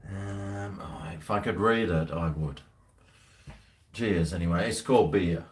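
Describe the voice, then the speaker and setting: A man's voice: low voice, measured pace. A man chatting casually and cheekily with viewers on a live stream, joking and trading slangy banter as he tastes a beer.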